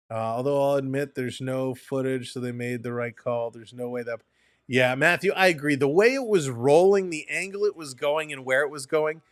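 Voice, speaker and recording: A man's voice: mid-range voice, a bit bright, dry recording, clean studio sound. A man hosting a live stream, chatting with viewers and calling hockey play-by-play. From Toronto. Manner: chatty, reads chat names aloud. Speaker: host doing live play-by-play. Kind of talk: live game commentary.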